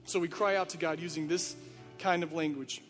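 High-voiced man preaching in an echoing hall. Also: steady tone, fairly quick, a bit bright. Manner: earnest, direct address with rhetorical questions. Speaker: pastor. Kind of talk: sermon. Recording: reverberant hall with faint music.

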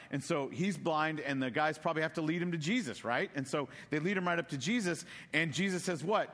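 A man's voice: fairly high pitch, big-room sound. A man from Texas preaching a casual sermon, telling stories and acting out the characters in funny voices. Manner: animated storytelling, acts out characters with voices.

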